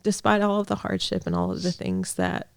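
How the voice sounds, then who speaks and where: Heartfelt woman with a gravelly fry. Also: on the low side, big pitch swings, a little fast, no echo. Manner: earnest and heartfelt, with soft laughs and restarts. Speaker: podcast guest, ministry director. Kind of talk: personal faith testimony in conversation.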